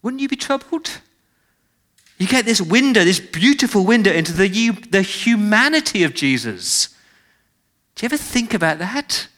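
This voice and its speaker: A man preaching a sermon in church, expressive, with dramatic swings in loudness and pitch, and he slows down on key phrases. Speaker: pastor.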